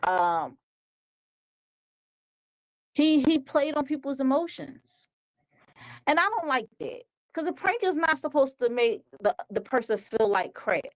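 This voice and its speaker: A woman's voice: high voice, big pitch swings, unhurried, pauses often, low-quality recording. A woman hosting a web talk show who rambles conversationally, padding her thoughts with "like" and "you know".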